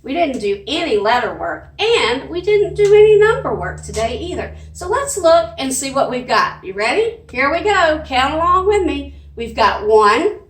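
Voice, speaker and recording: A woman's voice: high voice, sing-song, normal speed, few pauses. A woman, a children's librarian leading a sing-along lesson with cheerful, coaxing talk and animal sounds. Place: library room. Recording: echoey room, mic at a distance.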